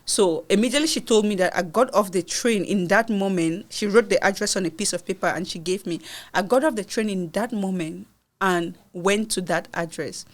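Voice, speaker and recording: A woman's voice: medium pitch, normal speed. A woman from Cameroon, a podcast guest, earnestly and expressively recounting personal hardships in conversation.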